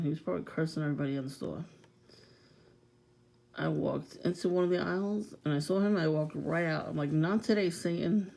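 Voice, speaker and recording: A woman talks straight to her viewers in a loose, profane rant and laughs often. Her voice is gravelly and low, with a dark, mellow tone. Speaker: vlogger. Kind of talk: casual rant to camera.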